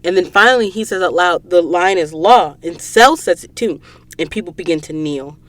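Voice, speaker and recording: A woman hosting a podcast and recapping a book in a casual, animated way, acting out the characters' lines while sniffling from allergies. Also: fairly low pitch, a little fast, no room sound. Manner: animated storyteller, acts out quoted lines. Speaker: podcast host. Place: recording booth.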